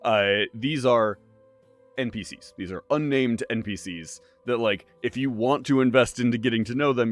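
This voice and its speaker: Low-voiced man, halting and full of ums. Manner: halting, frequent ums, trailing off. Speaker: podcast co-host. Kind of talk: casual chat about tabletop gaming.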